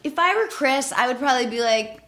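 High, lively woman comedian. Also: brisk. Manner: dry, self-mocking joking. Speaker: comedian guest. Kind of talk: casual chat.

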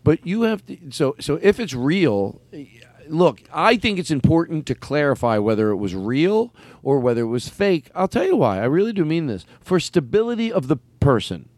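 A man's voice: on the high side, big pitch swings, normal speed, darkish tone, no room sound. A man hosting a comedy podcast, talking casually, rambling and circling back to press his point. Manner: rambling, restarts, builds arguments insistently. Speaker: podcast host.

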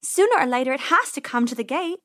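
A woman's voice: high voice, lively intonation, fast, sharp tone, no echo, studio quality. A woman voicing a brave, bossy little girl rabbit.

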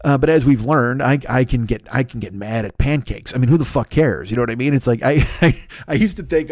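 A man's voice: mid-range voice, a little fast, darkish tone, dry recording, studio quality. Cranky, foul-mouthed man in his fifties. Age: 50s. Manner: profane, rambling, cranky. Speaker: podcast host. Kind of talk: solo comedic rant. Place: home apartment.

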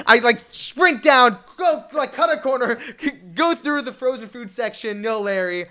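A man in his twenties telling a story at a fireside chat, animated, acting out the people in it and laughing often. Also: very high-pitched, moderate pace. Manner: animated, acts out voices, laughs often, shouts in bursts.

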